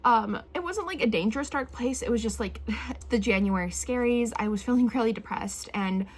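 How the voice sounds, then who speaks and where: A young woman talking to camera while teary and emotional, halting with sighs. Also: a little high. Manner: shaky, halting, sighing.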